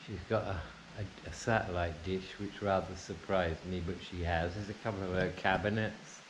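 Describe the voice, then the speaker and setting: A man's voice: deep voice, steady tone, normal speed, background noise. A man casually narrating a tour of his house as a vlogger, rambling, with frequent restarts. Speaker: vlogger giving a home tour. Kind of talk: casual walk-through narration. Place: indoors in a house, then outdoors at a plantation.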